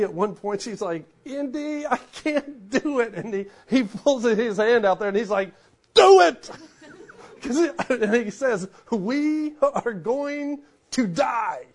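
A man in his forties, a pastor preaching a sermon in a conversational way, dropping to a hush for emphasis. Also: on the high side.

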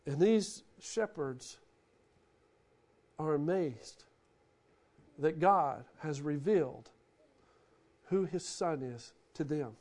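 A man preaching a sermon, who swings between loud, animated bursts and hushed, quiet lines. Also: fairly high pitch, slow pace, pauses often. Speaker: pastor.

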